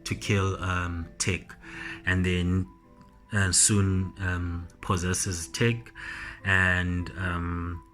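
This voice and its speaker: A man's voice: little pitch movement, fairly bright tone, soft background music. A man casually recapping a TV episode as a reviewer, hesitant with many ums and restarts. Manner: slow and low-key. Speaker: TV show reviewer.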